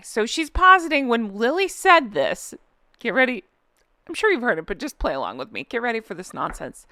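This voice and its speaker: A woman in her thirties with a Southern accent hosts a casual commentary video, sarcastic and full of disbelief. Her voice sits a bit high and sounds smooth and clean. The recording is close and dry, with no room echo. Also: sharp tone. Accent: Southern American. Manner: sarcastic, incredulous, chatty. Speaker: commentary channel host.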